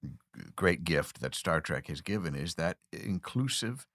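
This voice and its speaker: A man hosting an interview, asking thoughtful, measured questions with some hesitation. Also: low voice, animated, a bit bright, no room sound, studio quality. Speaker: podcast host.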